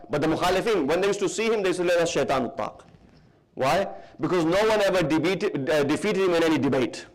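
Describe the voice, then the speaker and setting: Uk guy preaching, high-ish voice, storytelling with lots of arabic words, slows down to stress things. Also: rough recording. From United Kingdom. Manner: lively, slows for emphasis, mixes in Arabic terms. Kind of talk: sermon storytelling. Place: large hall.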